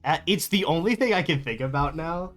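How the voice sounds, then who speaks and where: A man's voice: a little high, lively intonation, a little fast, a bit bright, faint music behind. A young man chatting casually on his stream, rambling, amused and laughing often.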